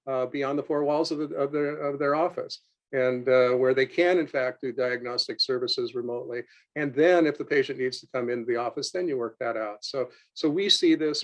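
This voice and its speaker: A man of middle pitch talks on a webinar over a video call. He pauses often, fills gaps with filler sounds and restarts his sentences as he explains. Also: poor audio. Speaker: company representative on a webinar. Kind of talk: unscripted webinar talk.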